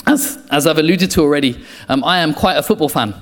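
A man preaching a passionate sermon in church, repeating key phrases and dropping to quiet intensity. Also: a little high, quick pace. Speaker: pastor. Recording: echoey church hall, soft guitar behind.

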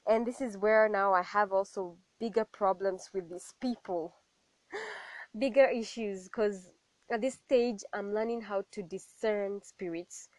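A young adult woman giving a personal faith testimony in an animated storytelling way, acting out what other people said to her. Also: mid-range voice, measured pace, no echo. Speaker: testimony speaker.

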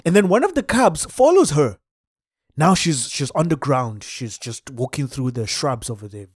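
A man with a South African accent telling a comic story in an animated way, dropping in Xhosa exclamations. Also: a little high, moderate pace, breathy edge, dry recording, studio quality.

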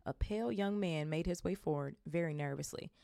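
A woman's voice: deep voice, fairly quick, vocal fry, warm tone, dry recording, clean studio sound. A woman hosting a podcast, reading a novel aloud with casual, amused asides. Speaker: podcast host.

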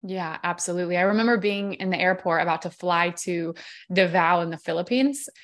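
A woman's voice: lowish voice, fairly quick, fairly bright tone. A woman hosting a podcast interview, chatty and bubbly, often acting out what people said to her. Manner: bubbly, chatty, acts out quotes. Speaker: podcast host. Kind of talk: casual interview chat.

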